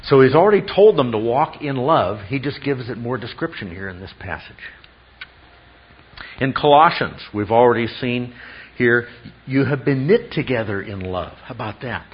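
A man's voice: medium pitch, expressive, normal speed, slightly rough. A man preaching an expository sermon as a pastor, teacherly, often checking in with rhetorical questions. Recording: dull lo-fi sound.

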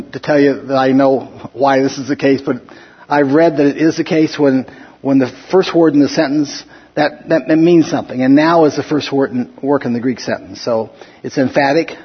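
A man's voice: fairly high pitch, slightly rough, lo-fi sound. A man teaching a casual Bible study, talking conversationally with frequent restarts and chuckling asides.

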